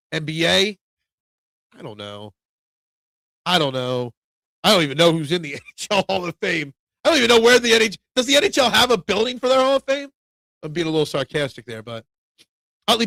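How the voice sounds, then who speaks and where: Opinionated gravelly-voiced sports talk host. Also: male voice, sits high, bright, forceful tone, no room sound. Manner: opinionated, rambling, answers viewer comments. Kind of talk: casual live-stream sports talk, reading chat.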